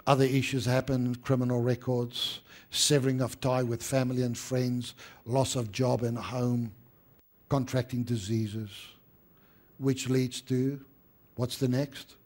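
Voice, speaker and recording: A man's voice: medium pitch, little pitch movement, measured pace. Man preaching with emphatic swings. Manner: emphatic preaching with dramatic drops to a hushed voice. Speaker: pastor. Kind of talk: sermon.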